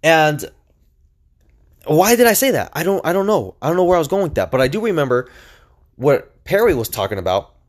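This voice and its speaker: A young man talking alone on his podcast in a casual, energetic and chatty way, with lots of fillers and restarts. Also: fairly high pitch, fairly quick, pauses often. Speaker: podcast host. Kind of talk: casual solo podcast monologue.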